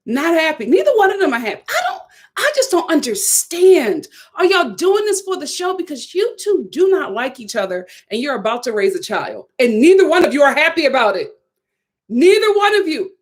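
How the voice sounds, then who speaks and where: A woman, casually and expressively reviewing a reality TV episode. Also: a little high. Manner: animated, expressive, breaks into laughter and quoted voices.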